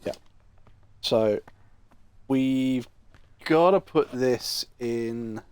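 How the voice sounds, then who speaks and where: A man's voice: medium pitch, extremely slow, darkish tone, clear, resonant tone, no echo. A man, chatting casually and rambling while streaming a puzzle game. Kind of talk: casual gameplay chat.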